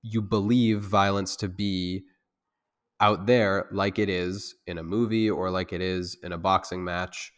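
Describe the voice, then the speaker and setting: A man who teaches self-defense, talking in a loose, rambling way with many restarts and fillers, and growing loud and heated when he makes a point. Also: deep voice, steady tone, measured pace, clear, resonant tone. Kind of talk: conversational interview.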